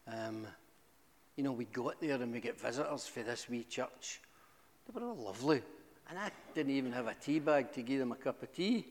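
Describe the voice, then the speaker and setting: A middle-aged man giving a humorous, animated testimony to a church, with sudden high exclamations. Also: moderate pace. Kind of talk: storytelling testimony. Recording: echoey hall.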